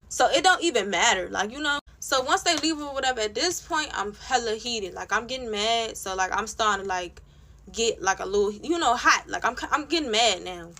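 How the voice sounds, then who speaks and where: Speaking in a medium-pitched voice that sounds pushed and bright, a young woman vlogger launches into a casual rant. She recounts the story heatedly, swearing bluntly and leaning on "like" as a filler again and again.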